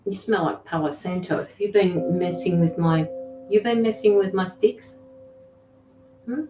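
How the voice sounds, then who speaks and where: A woman's voice: mid-range voice, measured pace, a little mellow. A woman hosting a casual livestream as a tarot reader and medium, chatting affectionately with viewers and fussing over her dogs. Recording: roomy echo with faint music.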